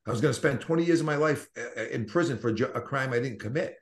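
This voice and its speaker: This is a man in his fifties with a Boston accent, speaking at a middle pitch. He talks earnestly and motivationally as an interview guest. His storytelling rambles and circles back with many restarts. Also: fast talker. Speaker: network marketing guest.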